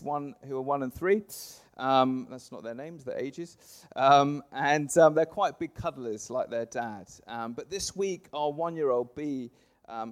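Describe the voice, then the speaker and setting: A man, preaching a sermon to a congregation, punching words loudly then letting phrase ends fall soft. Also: medium pitch. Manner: lively, swings from loud emphasis to soft trailing phrase ends. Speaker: pastor. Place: church service before a congregation.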